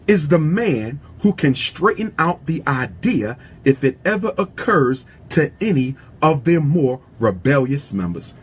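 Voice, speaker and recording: A man's voice: on the high side, big pitch swings, unhurried, few pauses, breathy edge. A man giving an impassioned speech to an audience, repeating his lines for emphasis in a preacher-like cadence. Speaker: public speaker.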